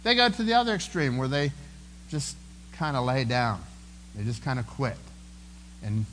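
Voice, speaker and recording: A man's voice: mid-range voice, very animated, moderate pace, long pauses, fairly bright tone, a little hiss or hum, rough recording. A man preaching a sermon in an earnest, conversational way, often repeating words as he goes. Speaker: pastor.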